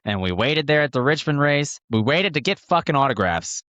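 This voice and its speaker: A man co-hosting a casual podcast, telling excitable, profane stories. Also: a little high, a little fast, dry recording, highs cut off. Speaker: podcast co-host.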